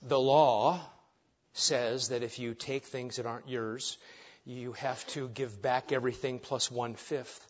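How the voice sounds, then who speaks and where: A man preaching a sermon with emphasis, dropping soft on key phrases and rising when animated. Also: mid-range voice, unhurried, lo-fi sound. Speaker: pastor.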